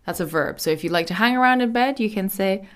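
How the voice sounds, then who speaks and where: A woman teaching Mandarin in a lesson podcast, explaining chatty and repeating words slowly and clearly. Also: mid-range voice, animated, a bit bright.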